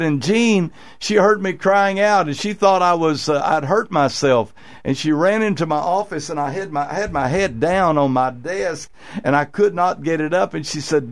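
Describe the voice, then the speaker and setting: A man preaching an earnest sermon as pastor of a radio church, repeating his phrases and pausing on fillers. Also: fairly high pitch.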